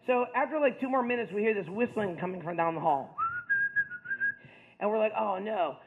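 A man's voice: high voice, lively intonation, brisk, slight background noise. A man from the Ohio Valley telling a story to an audience, casual and rambling, self-mocking, with lots of filler words. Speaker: speaker. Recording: tinny phone-like sound.

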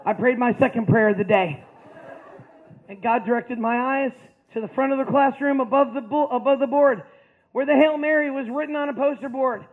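A man with a very high voice tells a comic stand-up story, animated and jumping into his characters' voices. The sound is thin and tinny, like a phone line. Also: moderate pace. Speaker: stand-up comedian.

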